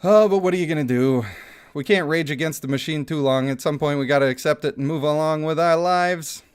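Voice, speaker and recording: A young man hosts a casual gaming livestream. His voice sits a little high for a man, and he talks in an animated, chatty way, laughing often as he reads his chat aloud. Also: brisk, smooth. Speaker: streamer.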